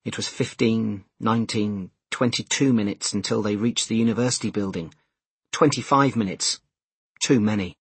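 A man narrating an audiobook in a measured, expressive storytelling manner. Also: lowish voice, slightly rough, dry recording.

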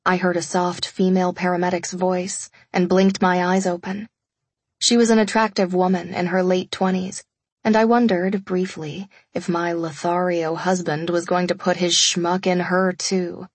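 Breathy woman narrating an audiobook. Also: on the low side, little pitch movement, moderate pace, no room sound. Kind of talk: scripted first-person narration.

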